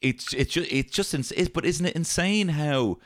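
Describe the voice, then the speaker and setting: A man co-hosting a casual film chat, animated and swearing freely as he acts out lines from scenes. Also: a little high, normal speed, no echo, studio quality. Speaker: podcast co-host reviewing films.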